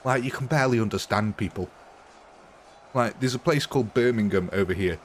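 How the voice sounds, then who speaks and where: A man's voice: lowish voice, a little fast, slight background noise. A man from Britain chatting casually while live-streaming a game, self-mocking and laughing often. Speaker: gaming streamer.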